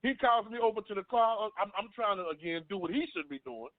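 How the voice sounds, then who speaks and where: A man with a fairly high voice tells a personal story in an earnest, repetitive way. His voice is dry and thin, as if heard over a phone line. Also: expressive, brisk, vocal fry, no echo. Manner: earnest, storytelling, repeats himself. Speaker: panel guest. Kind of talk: personal story on a talk panel.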